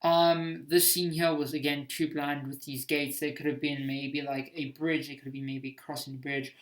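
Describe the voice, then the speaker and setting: A man's voice: on the high side, little pitch movement, moderate pace. A man giving casual commentary on his own homemade film, hesitant and self-critical, with many restarts.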